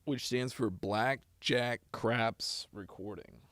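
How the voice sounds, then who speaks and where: A man's voice: mid-range voice, slow pace, a bit bright, no room sound. A man streaming live, greeting his chat with playful, joking banter. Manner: playful, joking, goofy asides. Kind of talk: casual livestream chat.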